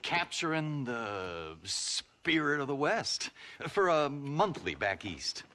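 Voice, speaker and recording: A foppish, giddy city writer who giggles and gushes with a bright, lively voice. Every line is theatrical and florid. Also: male voice, on the high side, slow, full character voice. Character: foppish male writer from back east, giddy.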